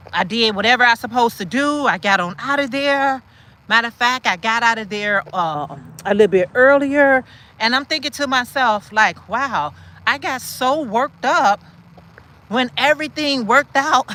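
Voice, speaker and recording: A woman with a bright, forceful voice talks while she walks outdoors. She gives encouragement in a preachy way, repeats her key lines for emphasis and stops to answer comments from viewers. Her pitch sits in the middle for a woman. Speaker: channel host. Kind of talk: encouraging walk-and-talk chat. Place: outdoors, walking in a city.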